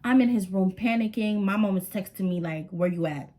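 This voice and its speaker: A woman's voice: mid-range voice, brisk, a little mellow. A young woman telling a dramatic story to her viewers in a chatty, slangy way. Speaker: storytime vlogger. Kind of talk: casual storytelling to camera.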